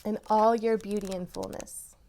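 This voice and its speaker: A woman giving a tarot reading to her viewers, talking in an encouraging, softly emphatic way and breaking into excited exclamations. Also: mid-range voice, normal speed, slight background noise. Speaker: tarot reader.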